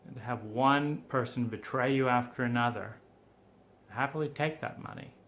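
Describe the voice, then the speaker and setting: A man speaking in a gravelly, fry-laden voice that is pushed and tense. He gives personal testimony for a documentary, sounding frustrated, urgent and pleading as he talks. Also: medium pitch, moderate pace, a bit bright, slight background noise. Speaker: documentary subject.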